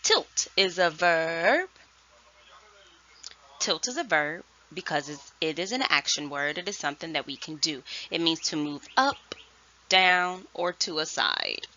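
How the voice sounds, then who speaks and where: A woman first grade teacher giving a virtual lesson, speaking slowly and enunciating clearly. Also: low voice, sharp tone. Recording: dull lo-fi sound.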